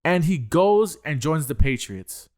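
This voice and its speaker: A man's voice: on the high side, very animated, a little slow, darkish tone. A young man co-hosting a podcast, ranting heatedly with heavy swearing. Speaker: podcast co-host. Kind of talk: casual chat.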